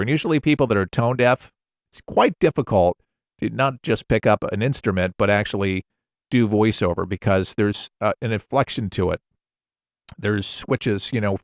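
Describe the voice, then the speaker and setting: A man working as a voiceover coach, explaining the craft in a relaxed, conversational way with examples. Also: fairly low pitch, normal speed, dry recording, clean studio sound. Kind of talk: casual instructional talk.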